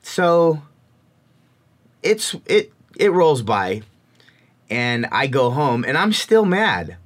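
Male speaker telling a personal story, expressive, slow and animated. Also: mid-range voice.

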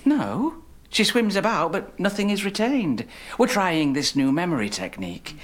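A man's voice: high-pitched, very animated, normal speed. An actor playing an apologetic son fussing over his wandering mother, speaking rhymed lines in a TV comedy. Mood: explaining. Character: apologetic, harried son of an old woman.

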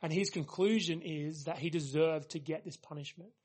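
A pastor preaching a sermon, earnest and emphatic, leaning on repeated phrases for weight. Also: male voice, on the high side, moderate pace, a little mellow, husky.

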